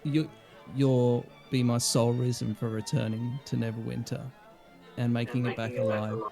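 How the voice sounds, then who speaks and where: A man voicing an eager, excitable young woman adventurer in a tabletop game. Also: mid-range voice, normal speed, creaky, music in the background, close to an everyday voice. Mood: tender.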